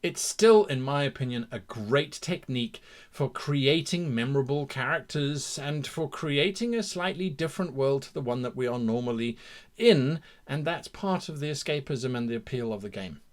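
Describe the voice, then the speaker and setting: A middle-aged man hosting a game master advice show, talking through his own mistakes in a reflective, self-critical way with lively emphasis. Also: medium pitch, normal speed. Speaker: game master tips host. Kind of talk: talking-head advice monologue.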